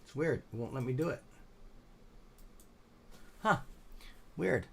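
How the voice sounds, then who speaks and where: A man's voice: mid-range voice, expressive, takes it slowly, vocal fry, a little hiss or hum. A man hosting a trading livestream, chatting casually with his chat, muttering and swearing at his computer as he tries to fix things. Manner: mutters and swears at the computer, then cheers on viewers. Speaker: livestream host.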